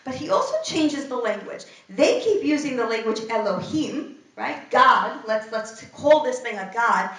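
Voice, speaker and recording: A woman teaching a text study class in an animated way, putting rhetorical questions to the class in a classroom. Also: on the high side, measured pace, hardly any pauses. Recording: echoey room, voice from far off.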